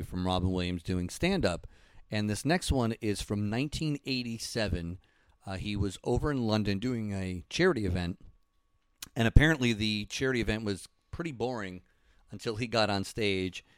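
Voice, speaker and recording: Low-voiced laid-back male host. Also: smooth, dry recording. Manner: relaxed storytelling, loose and chatty. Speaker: podcast host. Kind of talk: casual chat.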